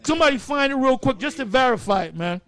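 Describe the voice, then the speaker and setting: A man's voice: extremely high pitch, lively intonation, fast, fairly bright tone, smooth. A man teaching the Bible in a casual, rambling, emphatic way. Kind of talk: casual preaching.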